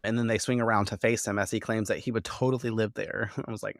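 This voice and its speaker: A man hosting a podcast who recaps a TV episode in a casual, profane and animated way, full of quoted asides. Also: lowish voice, quick pace, no echo, studio quality. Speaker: podcast host.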